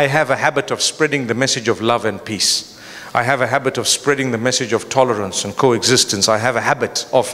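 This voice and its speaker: A man's voice: mid-range voice, fairly bright tone, big-room sound. A man preaching a lecture to a live audience, emphatic, with rhetorical questions and repetition. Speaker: Islamic preacher. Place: large hall before an audience.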